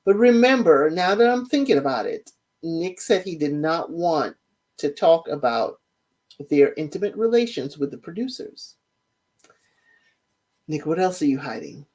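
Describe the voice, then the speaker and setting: A woman's voice: sits low, a little slow, pauses often. A woman giving a chatty, sassy spoken recap of a reality show, talking straight to her listeners and acting out what people said. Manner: chatty, sassy, quotes people in animated voices.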